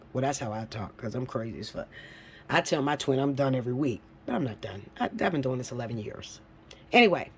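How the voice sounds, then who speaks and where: A woman giving a casual tarot reading to camera. She talks bluntly and swears a lot, with a teasing tone that swings from low mutters to high, loud bursts. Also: gravelly, husky. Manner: blunt, profane and teasing, breaks into laughs. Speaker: tarot reader.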